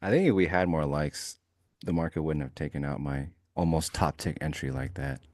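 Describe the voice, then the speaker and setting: A man's voice: very deep voice, moderate pace, no echo, studio quality. A man co-hosting a live futures trading stream, bantering casually and acting out little scenes with put-on quotes. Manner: joking, animated storytelling with put-on quotes.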